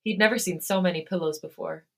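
A woman's voice: on the low side, quick pace, creaky. Woman podcast host reading fan fiction.

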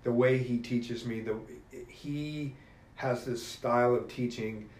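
A middle-aged man telling stories as a podcast guest, in an animated, emphatic way. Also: mid-range voice, slow pace. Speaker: podcast guest, jiu-jitsu black belt. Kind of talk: casual storytelling conversation. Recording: echoey room with faint ambient noise.

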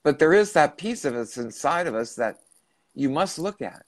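A man's voice: on the high side, expressive, normal speed, no echo. A man hosting a spiritual podcast, earnestly recounting a channeling session and restating his questions. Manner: earnest, retelling and rephrasing questions. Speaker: podcast host.

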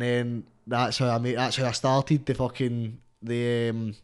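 Young Scottish rapper guest, animated and sweary, rambling chat. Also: male voice, mid-range voice, brisk, hardly any pauses, clean tone. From Scotland. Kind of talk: casual podcast chat.

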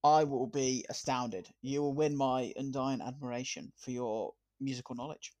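A man's voice: medium pitch, fairly even intonation, moderate pace, a little mellow. A man co-hosting a casual podcast, often repeating himself and laughing easily as he runs a quiz segment. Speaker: podcast co-host.

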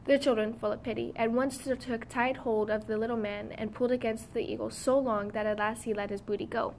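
A woman reads a fairy tale aloud at a steady, measured pace. Her voice sits fairly high, with a faint low rumble behind it. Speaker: narrator.

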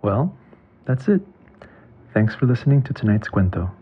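A man gently telling a bedtime story at an unhurried pace. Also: medium pitch, sing-song, husky, highs cut off.

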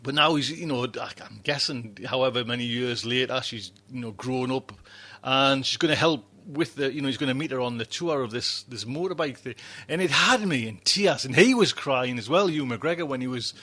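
A man's voice: mid-range voice, moderate pace, pushed and bright. A man hosting a fiction podcast, chatting in a rambling, heartfelt way with many restarts before introducing a story. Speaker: podcast host.

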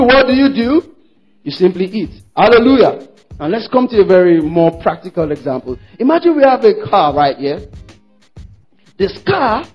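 A man's voice: high voice, slightly rough. A man preaching a sermon to a congregation, emphatic and repetitive, calling for responses and acting out worshippers' quoted words. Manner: emphatic, repeats phrases, calls for congregation responses; acts out worshippers' quoted words in shifting voices. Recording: dull lo-fi sermon recording with faint music.

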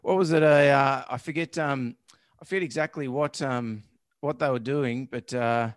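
An Australian vet co-hosting a casual podcast over a home video call, playful and deadpan, saying mate a lot. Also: male voice, medium pitch, normal speed, clean tone, no room sound, clean studio sound.

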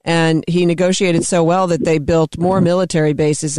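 A woman's voice: fairly low pitch, steady tone, moderate pace, a little mellow, no echo. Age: adult. Sex: woman. Role: talk radio host. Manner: emphatic, opinionated, dry studio sound. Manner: emphatic, opinionated, rhetorical questions. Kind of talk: conversational political talk radio.

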